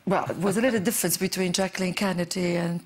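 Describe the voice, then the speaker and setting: A woman, a panel guest answering questions in a hesitant, halting way. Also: on the low side, fairly even intonation. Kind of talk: panel show conversation.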